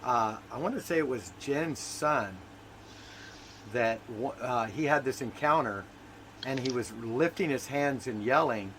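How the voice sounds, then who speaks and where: A man's voice: mid-range voice, measured pace, fairly bright tone, a little hiss or hum, poor audio. A male host in casual spiritual talk, emphatic and preacher-like, repeating key phrases.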